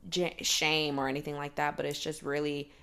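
Woman co-host, slightly low voice, chatty, acts out quick quoted lines, casual talk. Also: completely flat delivery, a bit bright. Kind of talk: casual chat about reality TV.

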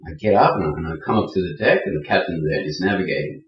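Animated man telling a story, roomy sound. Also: deep voice, very fast. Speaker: guest storyteller. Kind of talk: casual anecdote. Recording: roomy, distant and dull.

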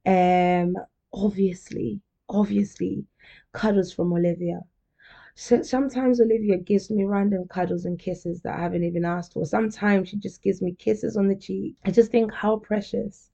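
A woman's voice: mid-range voice, steady tone, moderate pace, creaky, warm tone, dull audio. A young woman hosting a podcast, talking candidly and chattily in a casual monologue, often laughing. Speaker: podcast host.

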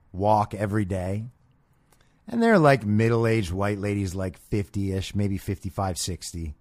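A man's voice: fairly low pitch, dry recording. A man hosting a political commentary show, talking in a blunt, sarcastic and profane way. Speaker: host.

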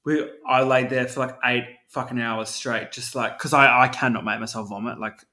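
A young man tells a rambling story in casual chat, full of fillers and swearing. His voice is bright and forward. The room around him sounds echoey. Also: medium pitch, normal speed. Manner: animated, swearing, frequent "like" fillers.

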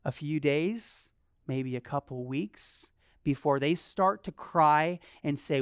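A preacher delivering a sermon in a lively way, firing rhetorical questions at the congregation. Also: mid-range voice, takes it slowly, clear, resonant tone, no room sound, studio quality. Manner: acts out quoted complaints in a softer voice.

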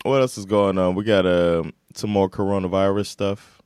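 A man's voice: deep voice, steady tone, moderate pace, a little mellow, smooth, dry recording, studio quality. A man co-hosting a podcast in casual chat, joking and laughing a lot, blunt in his opinions. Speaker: podcast co-host.

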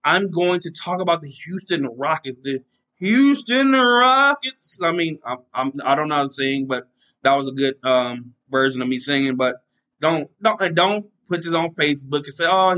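Male solo podcast host, bright and forceful, slightly high, rambling and self-joking. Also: brisk, rough recording. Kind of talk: casual solo sports talk.

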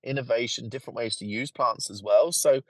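A man, a podcast guest who talks about his plant marketing work and his book in a lively, chatty way and laughs easily. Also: medium pitch, a little fast, no room sound. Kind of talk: casual conversation.

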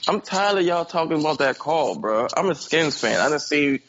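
A man's voice: a little high, expressive, normal speed, fairly bright tone, a little hiss or hum. Blunt ranting man, dull lo-fi sound. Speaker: podcast co-host. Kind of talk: casual sports chat.

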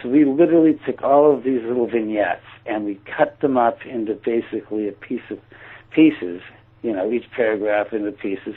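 A man's voice: medium pitch, husky. Man telling a story over a tinny line. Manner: animated, acts out his own quoted thoughts. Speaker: guest telling a personal story. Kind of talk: casual storytelling.

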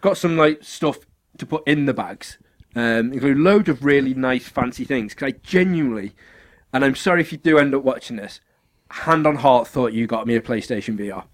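A man's voice: mid-range voice, animated, fairly quick, few pauses. Man, sniffly cold voice, rambling podcast chat, swears a lot. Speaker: podcast co-host. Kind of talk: casual chat.

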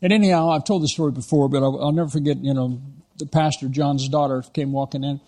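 Animated American preacher telling stories. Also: male voice, a little high, fast. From United States. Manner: animated storyteller, acts out quotes loudly. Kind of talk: storytelling sermon.

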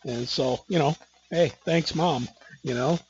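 A man's voice: fairly high pitch, unhurried, breathy edge, highs cut off. A man hosting a podcast interview, chatting casually and rambling through stories with lots of fillers. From Midwest United States. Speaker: podcast host.

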